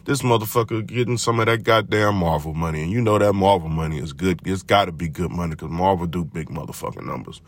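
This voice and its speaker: A man hosting a podcast, talking in a profane, rambling, casual monologue full of drawn-out repetitions. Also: sits low. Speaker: podcast host.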